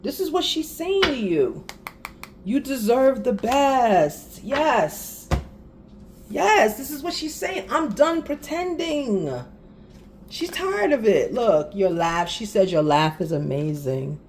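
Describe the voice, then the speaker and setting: A woman's voice: a little high, big pitch swings, slow, slight background noise. A woman doing a casual spiritual card reading, talking straight to viewers with laughs and exasperated asides. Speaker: tarot reader.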